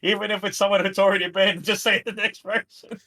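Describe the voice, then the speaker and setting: A man's voice: sits high, flat delivery, fast talker, bright, forceful tone, slight background noise. A man co-hosting a reaction video over a call, chatting casually and laughing easily. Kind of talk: casual chat.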